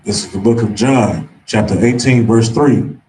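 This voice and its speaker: Male student reader, halting scripture reading, distant mic with faint noise. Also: fairly low pitch, darkish tone, roomy sound.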